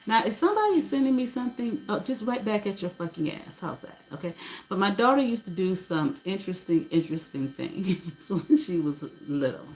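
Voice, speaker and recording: A middle-aged woman telling a personal story in a casual way, animated, swearing freely and acting out what people said. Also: medium pitch, a little fast, a little hiss or hum, rough recording. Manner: animated, swearing, laughing, acts out quotes. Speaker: host.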